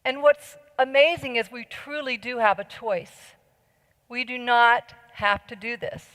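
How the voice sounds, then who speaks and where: A woman's voice: on the high side, steady tone, a little slow, a bit bright. A middle-aged woman giving an earnest, persuasive conference talk and questioning her audience. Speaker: conference speaker. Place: large conference hall. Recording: long hall reverb.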